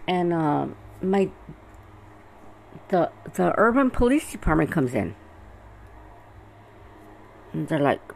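Gravelly woman, rambling and profane. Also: on the low side, sing-song, slow pace, long pauses, rough recording. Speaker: vlogger telling a personal story. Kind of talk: casual storytelling.

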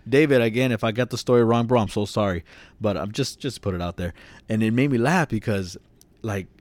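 Young male co-host, low voice, loose rambling delivery, dry close-miked sound. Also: a little fast, darkish tone, dry recording. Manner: rambling, laughs easily, lots of "dude" and "man". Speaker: podcast co-host. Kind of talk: casual chat.

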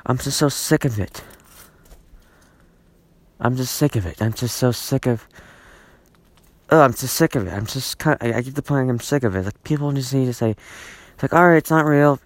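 A man talking alone into a close mic at home, in a dry, dead room, his voice at an ordinary middle pitch. He rambles through a solo podcast, circling back and repeating himself. He sounds exasperated, with plenty of fillers and false starts. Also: dry recording. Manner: repetitive and exasperated, many restarts and fillers. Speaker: podcast host.

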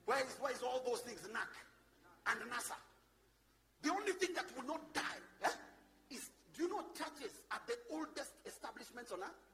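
A Kenyan man preaching a sermon in a very high voice that leaps up and down. He swings from loud shouting to quiet asides, passionate and forceful before his congregation. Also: animated, normal speed. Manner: passionate, shifts from loud shouting to low asides, mixes in Swahili. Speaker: bishop and preacher.

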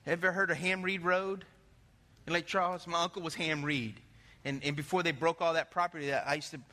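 Pastor guy preaching, high bright voice, big church echo, keeps asking the crowd questions. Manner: animated storytelling, asks the congregation questions. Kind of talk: sermon.

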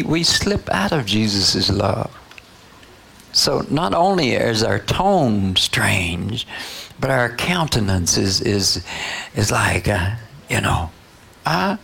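A man's voice: a little high, vocal fry, fairly bright tone. A man preaching a sermon, prodding his listeners with repeated "Huh?" and "you know" as he goes.

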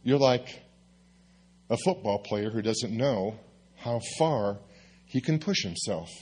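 A male pastor telling a personal story in a sermon, lively and confessional, with self-mocking asides. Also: fairly low pitch, slow pace, breathy edge.

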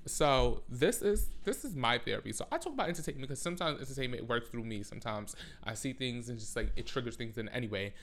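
Rambling, profane young podcast host. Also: male voice, mid-range voice, expressive, fast, few pauses, fairly bright tone. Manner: rambling, profane and self-mocking, full of "like". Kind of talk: casual solo podcast chat. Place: home with family over. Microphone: close podcast mic.

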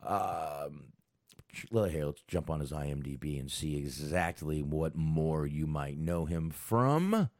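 A man's voice: a bass voice, lively intonation, unhurried, a little mellow, no echo, studio quality. A man hosting a podcast, rambling casually about a film and thinking aloud while looking things up. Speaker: podcast host.

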